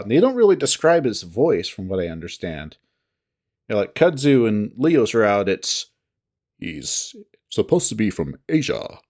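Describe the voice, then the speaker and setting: A man who reads visual novels and does voice acting chats casually with his viewers in a medium-pitched, slightly mellow voice. He rambles, hesitates, and pokes fun at himself.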